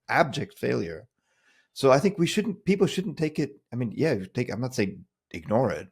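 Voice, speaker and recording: A man's voice: medium pitch, husky. A man co-hosting a discussion podcast over a remote call, arguing his points emphatically. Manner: emphatic, argumentative. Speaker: podcast co-host. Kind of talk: casual discussion.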